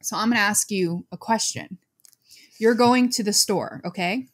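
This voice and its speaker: A woman co-hosting a podcast, chatting casually in a calm, matter-of-fact way. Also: mid-range voice, moderate pace. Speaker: podcast co-host. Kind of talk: casual chat.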